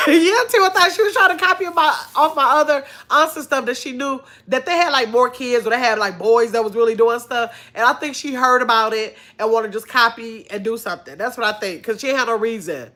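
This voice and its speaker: A woman's voice: a little high, fairly quick, few pauses, pushed and bright. A middle-aged woman hosting a casual livestream chat, telling stories and reading viewer comments aloud with frequent laughter. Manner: chatty storyteller, reads viewer comments aloud, laughs often. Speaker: channel host.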